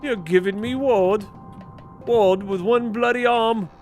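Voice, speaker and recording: A man voicing a gruff, opinionated ship engineer in a video game, with a weak attempt at an English accent. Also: fairly high pitch, level tone, a little slow, a bit bright, soft background music. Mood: indignant.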